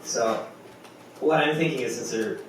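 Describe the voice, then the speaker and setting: A man's voice: mid-range voice, measured pace. A man at an open mic stage, loosely introducing his poem and encouraging the audience to join in. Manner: loose, encouraging, coaxing the crowd. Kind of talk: spoken word poetry, leading the audience. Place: poetry club stage, live audience. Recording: very echoey club room from far off, noisy.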